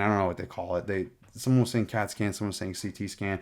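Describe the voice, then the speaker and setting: A man's voice: deep voice, steady tone, quick pace. A young man hosting a casual show, telling a long personal story in a rambling, profane way full of fillers and restarts. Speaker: podcast host.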